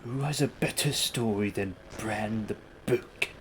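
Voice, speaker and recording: A man's voice: on the low side, a little slow, slight background noise. Dry, understated man chatting. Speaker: game stream co-host. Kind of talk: casual chat over a game.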